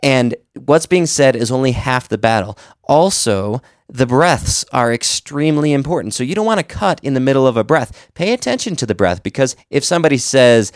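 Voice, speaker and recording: A podcast host gives casual, conversational advice on editing, explaining through examples. His medium-pitched voice has lively intonation, runs a little fast with hardly any pauses, and the studio sound is clean with no echo.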